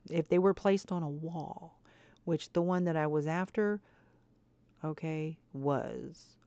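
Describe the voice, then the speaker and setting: A woman streaming a game and chatting to viewers, swinging between frustrated muttering and excited squeals. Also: low voice, slow pace, clear, resonant tone, dry recording. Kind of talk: casual gameplay chat. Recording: dull lo-fi stream audio.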